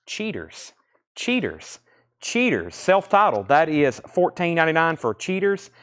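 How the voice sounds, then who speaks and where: A man's voice: a little high, very animated, a bit bright. Man calling out record prices. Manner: brisk price-calling, thinks aloud while inspecting records. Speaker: live sale host. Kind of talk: live-stream record auction patter.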